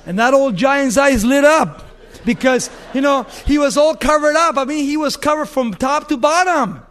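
A male preacher with a high-pitched voice gives an animated sermon. He retells scripture as a vivid story and often puts questions to his listeners. His delivery moves between excited and grave. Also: normal speed.

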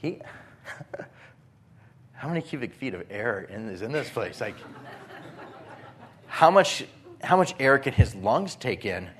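A medium-pitched pastor preaches slowly, pausing often, while telling animated stories in which he acts out his own panic.

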